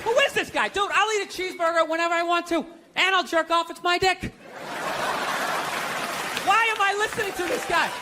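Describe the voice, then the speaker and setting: A man doing a stand-up comedy set on a large stage, ranting sarcastically with lots of swearing and punchy, animated delivery. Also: extremely high pitch, a little fast, long pauses, background noise. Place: large stage before a live audience. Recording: live show, loud crowd laughter.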